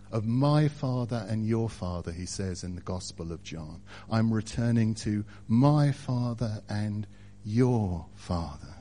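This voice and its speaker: A man preaching a sermon, speaking deliberately and building to louder emphatic passages. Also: on the low side, slight background noise.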